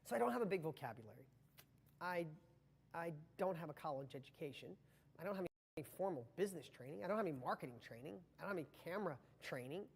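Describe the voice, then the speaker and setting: A man's voice: a little high, animated, fast talker, gravelly, breathy edge, in a large hall. A man giving a live motivational training talk to viewers, speaking with passion and a rambling flow full of restarts.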